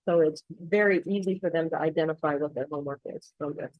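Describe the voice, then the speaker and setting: A woman with a fairly low voice explains her lesson materials in a steady, patient walkthrough. She pauses often with ums. The sound is dry and close. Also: no echo, lo-fi sound. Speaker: accent coach. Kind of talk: screen-share tutorial walkthrough.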